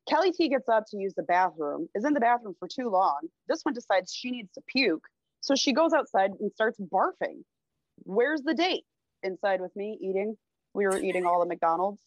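A woman's voice: mid-range voice, no room sound. Woman, podcast guest, casual storytelling, swears a lot, laughs often, muffled sound, dry. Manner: swears freely, laughs through her story.

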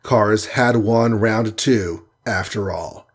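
Husky guy reading a comic adventure story aloud, dramatic. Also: fairly low pitch, slow. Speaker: narrator. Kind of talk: storybook narration.

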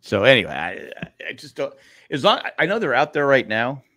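A man co-hosting a podcast, telling stories in casual chat with animated, jumpy delivery and repeated words. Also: medium pitch, a little fast, no room sound, clean studio sound. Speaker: podcast co-host.

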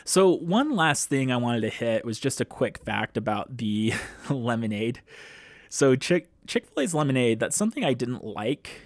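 A man's voice: mid-range voice, sing-song, a little slow, no echo. A man hosting a podcast, talking in a casual, enthusiastic way with frequent laughs. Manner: enthusiastic, chatty, laughs often. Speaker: podcast host.

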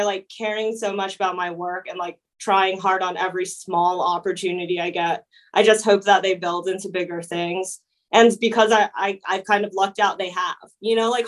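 A woman's voice: mid-range voice, moderate pace. Young woman chatting casually, filler-heavy. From USA. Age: young adult. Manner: relaxed, frequent "like" fillers, laughs easily. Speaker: illustrator and painter guest. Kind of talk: casual interview chat.

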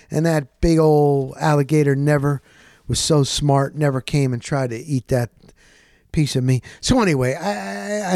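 A man's voice: fairly high pitch, no room sound, studio quality. A man hosting a talk show, telling a long casual story and acting out the voices of the people in it, blunt and a bit profane. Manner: animated, acts out quoted voices, blunt and profane. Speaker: radio host telling a story. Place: lives in Florida.

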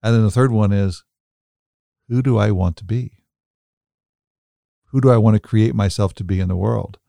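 Gravelly, mellow-voiced man on a podcast. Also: fairly low pitch, moderate pace, dry recording. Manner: thoughtful storytelling, coaching tone. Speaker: podcast co-host. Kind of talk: reflective podcast talk.

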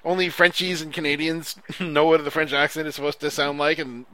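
A man's voice: fairly high pitch, flat delivery, a little fast, bright, forceful tone. A man co-hosting a casual gaming podcast, talking about games with opinionated enthusiasm. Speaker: podcast co-host. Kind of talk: casual chat.

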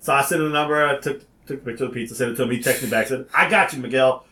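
A man telling a story in an animated way, acting out phone calls and sometimes rising to a shout. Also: mid-range voice, very fast, roomy sound.

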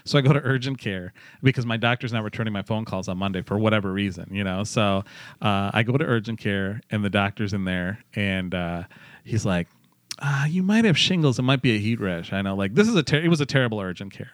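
A man's voice: fairly low pitch, fast, no echo. A man telling a long, rambling, self-mocking story in casual podcast chat, full of fillers and asides.

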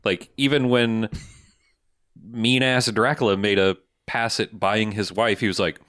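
A man with a lowish voice who tosses short, wry quips into a casual movie conversation. The sound is dry and close to the mic. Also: steady tone, unhurried, fairly bright tone, dry recording.

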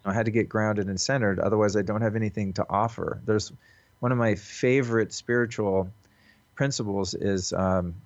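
Earnest male podcast guest with a low voice, reflective and casual; dry, lo-fi call recording. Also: steady tone, normal speed, no room sound. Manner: earnest, reflective, loose with swearing. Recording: dull, lo-fi call audio.

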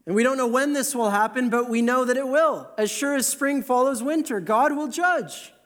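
Male preacher, high pitch, earnest and emphatic sermon delivery. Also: fairly bright tone. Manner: earnest, emphatic, slows down to stress key words.

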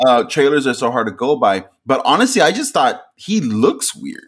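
A man co-hosting a podcast in casual chat, animated and often laughing. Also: mid-range voice, normal speed, husky. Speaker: podcast co-host.

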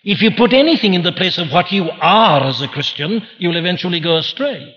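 A man's voice: sits high, animated, brisk, fairly bright tone, highs cut off. Earnest man preaching in an echoing church. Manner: earnest, rhetorical questions answered himself. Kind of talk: sermon.

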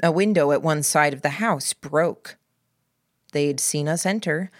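Woman audiobook narrator, low and slow, dry close sound. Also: no echo. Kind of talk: scripted narration.

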